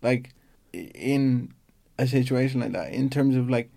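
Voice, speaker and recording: A man with a gravelly, dark-toned voice, chatting casually as a co-host. He sounds relaxed and self-deprecating, often trailing off mid-thought. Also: medium pitch, unhurried. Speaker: podcast co-host. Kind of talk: casual chat.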